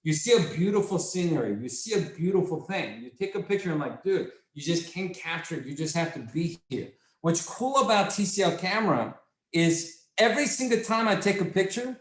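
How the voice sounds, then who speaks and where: A man leading a sales training session, talking in an excitable, repetitive, salesy way. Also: sits high. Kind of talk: enthusiastic product training talk. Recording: echoey room.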